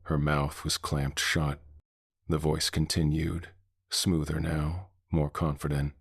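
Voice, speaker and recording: Very deep, slow male horror narrator. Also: monotone, breathy edge, dry recording, clean studio sound. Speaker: horror storyteller.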